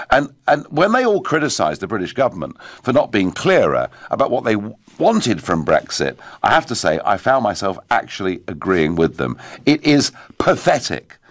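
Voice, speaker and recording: Hosting a talk radio phone-in, a British man presses each point forcefully, his pitch rising and falling widely in a lively, emphatic delivery at normal speed. The studio microphone gives a dry, close sound.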